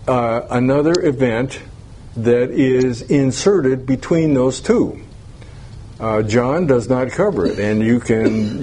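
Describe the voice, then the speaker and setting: A man's voice: mid-range voice, a little mellow, slightly rough. A man teaching an informal Bible class, conversational, putting questions to the group and chuckling now and then.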